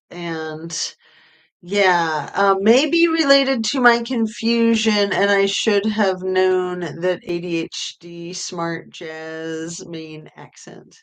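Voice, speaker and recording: A woman's voice: fairly low pitch, fairly even intonation, clear, resonant tone. A middle-aged woman hosting a true crime livestream, chatting casually with viewers in a rambling way full of fillers. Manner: rambling, with many fillers and pauses. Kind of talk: casual livestream chat reading viewer comments.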